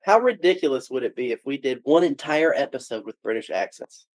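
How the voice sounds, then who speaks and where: A man's voice: mid-range voice, animated, fairly quick, no echo. A man co-hosting a podcast in casual chat, hesitant and laughing. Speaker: podcast co-host.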